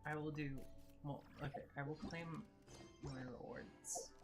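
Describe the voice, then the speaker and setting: A woman's voice: low voice, level tone, unhurried, loud music behind the voice. A young woman streaming a video game live, reacting emotionally with gushing commentary and lots of swearing.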